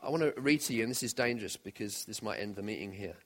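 A man's voice: fairly low pitch, expressive, fast talker, a bit bright. A man preaching a sermon in an earnest way, often putting direct questions to his listeners.

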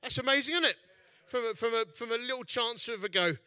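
With a very high, sharp voice and a fast delivery, an evangelist speaker and festival founder from East London, England, gives a storytelling sermon. There's no room sound, and his tone is jokey, conversational, and self-mocking.

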